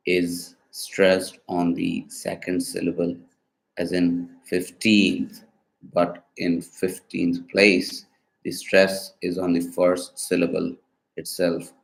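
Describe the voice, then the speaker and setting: Man, student type: deep and flat, unhurried, hesitant phrasing. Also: creaky, low-quality recording. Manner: hesitant, with fillers and restarts while working through a question. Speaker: student asking questions. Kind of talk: casual spoken questions.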